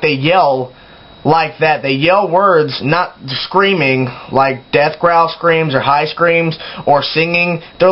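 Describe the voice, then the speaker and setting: A young man with a fairly high voice rants in a casual vlog, animated and exasperated, sighing and throwing in mock yells. The sound is dull and lo-fi, like a cheap webcam mic. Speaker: metal video blogger.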